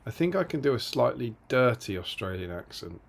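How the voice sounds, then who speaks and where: A man's voice: medium pitch, sing-song, fairly quick, vocal fry. A man co-hosting a hobby live stream over a video call, playful and self-deprecating, often trailing off and restarting. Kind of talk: casual chat on a video call.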